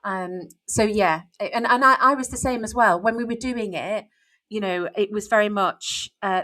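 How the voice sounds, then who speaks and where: Middle-aged woman, author and co-host, candid and reflective, mid pitch. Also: normal speed, a bit bright. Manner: open, reflective, leans on "you know". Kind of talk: casual podcast chat.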